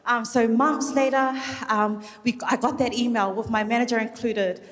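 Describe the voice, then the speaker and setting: Woman from New Zealand, high voice, candid emotional graduation speech, heavy fillers, echoey hall with long reverb. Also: fairly even intonation, moderate pace. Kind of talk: personal speech at a ceremony.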